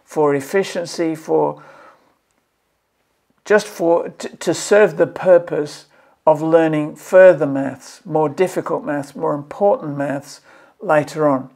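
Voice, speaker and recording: A man's voice: fairly high pitch, steady tone, slow, vocal fry, a little mellow. A man from Australia, a maths educator presenting a video series, giving earnest, exasperated commentary and pleading with repeated phrases. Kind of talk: impassioned commentary to camera.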